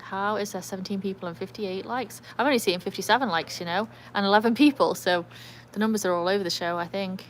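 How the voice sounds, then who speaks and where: A woman's voice: medium pitch, fast talker, few pauses, slight background noise. An English woman hosting a casual livestream, chatting in a rambling way and reading viewer comments aloud. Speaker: livestream host with a trick dog. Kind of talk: casual live-stream chat.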